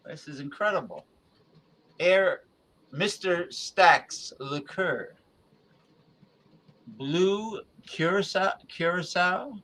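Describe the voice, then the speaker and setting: An excitable man co-hosting a loose casual chat, his voice sitting a little high. He stumbles and restarts often and throws in playful noises. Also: drawn-out words, long pauses. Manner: excitable, repeats words and restarts, playful sound effects. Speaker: co-host.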